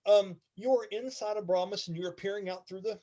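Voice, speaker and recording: A man with a fairly high voice runs a tabletop game, narrating scenes in a loose, rambling way. He talks casually and lets an occasional swear slip in. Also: moderate pace, warm tone, dull audio. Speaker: game master.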